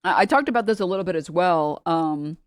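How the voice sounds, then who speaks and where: A woman's voice: fairly low pitch, lively intonation, brisk, smooth, no room sound, clean studio sound. A woman streamer in casual chat, joking and teasing, laughing often.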